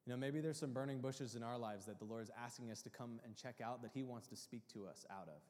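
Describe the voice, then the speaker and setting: A man preaching a sermon, earnest and openly emotional, dropping to a hush and then rising loud and high. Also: quick pace, long reverb tail. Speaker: pastor.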